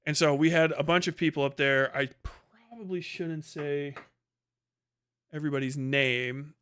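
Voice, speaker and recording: A man's voice: a little high, steady tone, a little slow, a bit bright, clear, resonant tone. A male livestream host telling a rambling, profane story in a casual way, with lots of filler words.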